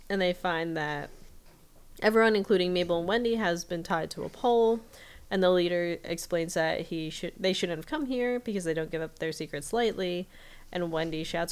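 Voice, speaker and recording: Woman, podcast co-host, casual recap, fairly low voice, smooth and clear. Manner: retells scenes with quick quoted voices and laughs.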